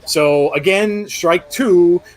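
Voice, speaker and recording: A man's voice: high voice, drawn-out words. A man co-hosting a live wrestling podcast, reading viewer questions in a casual, chatty way with many fillers and restarts.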